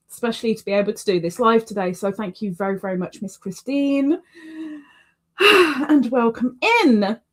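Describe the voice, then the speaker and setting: Lady hosting a craft stream, kinda high voice, slow and chatty, says please please please a lot. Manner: chatty, repeats words for emphasis. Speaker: livestream host. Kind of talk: casual livestream chat.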